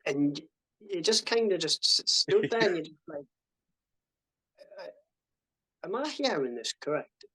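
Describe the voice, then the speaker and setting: A man's voice: a little high, animated, normal speed, pushed and bright, slightly rough, rough recording. A man, talking as a podcast guest. He tells his story in plain casual speech, swears freely and acts out other people's words in a raised voice. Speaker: podcast guest, army veteran.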